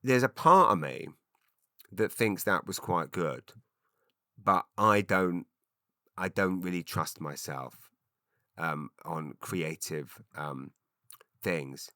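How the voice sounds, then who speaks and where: Host: man, lowish, bright and punchy, chatty self-mocking solo podcast, dry room. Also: slow, long pauses, no room sound. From Britain. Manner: chatty, self-mocking, with frequent ums and restarts. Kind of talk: solo rambling podcast monologue.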